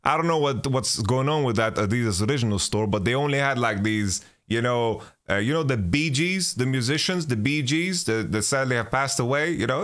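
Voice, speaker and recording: A man's voice: medium pitch, expressive, brisk, hardly any pauses, a bit bright. A man hosting his own podcast, telling a travel story in a loose, rambling way, swearing freely and often restarting his sentences. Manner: rambling, profane, lots of restarts and "you know". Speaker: podcast host.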